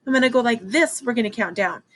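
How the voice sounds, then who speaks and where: A woman's voice: on the high side, quick pace, slight background noise, low-quality recording. Upbeat, encouraging woman teaching kids math. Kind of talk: children's math lesson.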